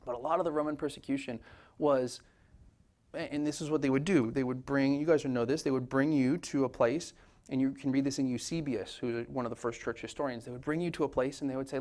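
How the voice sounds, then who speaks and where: A man preaching a sermon as pastor, talking in a conversational, animated way with casual asides. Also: medium pitch, quick pace. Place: church sanctuary.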